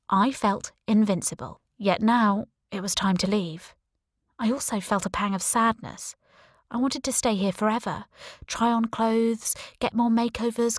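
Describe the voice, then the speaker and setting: A woman's voice: mid-range voice, dry recording, studio quality. A woman narrating a first-person audiobook in a wry, breezy storytelling manner.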